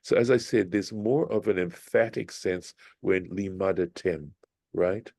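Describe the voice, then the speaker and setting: A man leading a Bible study class, explaining Hebrew grammar slowly and thinking aloud with frequent restarts. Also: deep voice, vocal fry, a little mellow, no echo.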